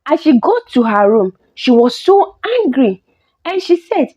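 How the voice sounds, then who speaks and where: Animated woman telling a story. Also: high-pitched, unhurried, slightly rough. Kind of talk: storytelling narration. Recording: dull lo-fi recording.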